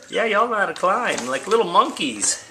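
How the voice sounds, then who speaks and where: A man's voice: fairly high pitch, pushed and bright, a little hiss or hum. A man filming his cats at home on a handheld camera, chatting casually and cooing at them in a raised voice. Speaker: cat owner filming his pets. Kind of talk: casual home video narration. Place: indoors at home.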